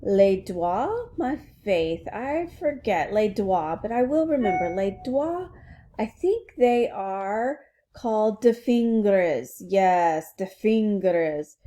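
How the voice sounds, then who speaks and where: A woman's voice: medium pitch, expressive, normal speed, warm tone, lightly acted. A woman voicing a French lady-in-waiting who politely tutors her mistress. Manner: polite and deferential.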